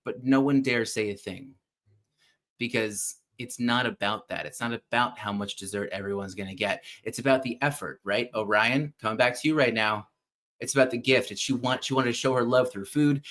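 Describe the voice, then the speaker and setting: A man hosting a casual live show, retelling a favorite story in an animated, chatty way with some offhand swearing. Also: mid-range voice, brisk. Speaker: podcast host.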